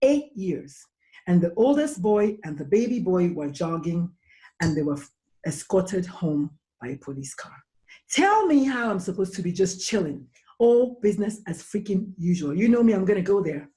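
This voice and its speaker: A woman's voice: medium pitch, big pitch swings, normal speed, dark tone. A woman speaking as a podcast guest in a casual discussion, impassioned and blunt, firing emphatic questions.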